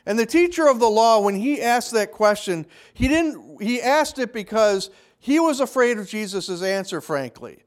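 A man's voice: high voice, expressive, moderate pace, few pauses. A man preaching a conversational sermon, briefly acting out the people he quotes. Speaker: pastor.

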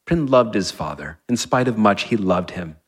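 A man's voice: fairly low pitch, lively intonation, normal speed, husky, long reverb tail. A man reading his own comic fiction aloud to a live audience, breaking off with wry asides.

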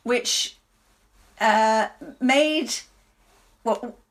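A stage actress answering interview questions in a thoughtful, halting way, often restarting her sentences. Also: a little high.

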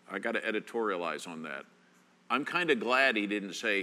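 A pastor preaches a sermon, reading scripture aloud slowly and deliberately with rising emphasis. His voice is lowish, sing-song and sharp in tone.

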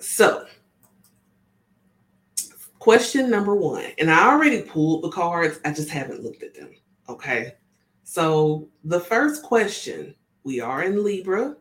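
Slow, chatty woman oracle reader. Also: low-pitched. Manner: chatty, checks in with listeners. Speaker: spiritual oracle card reader. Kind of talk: casual live card reading. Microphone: camera on tripod with ring light.

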